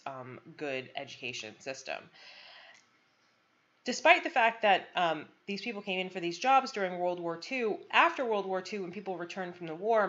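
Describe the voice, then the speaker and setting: Woman lecturer, lowish voice, halting with many ums, dull lo-fi recording. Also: fairly bright tone. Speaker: college lecturer.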